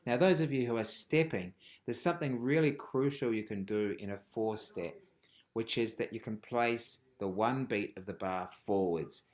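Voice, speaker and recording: Man, fairly low voice, music teacher, online call, playful, chants rhythms, loud calls and whispers. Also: normal speed. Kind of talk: live online rhythm workshop. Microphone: video call.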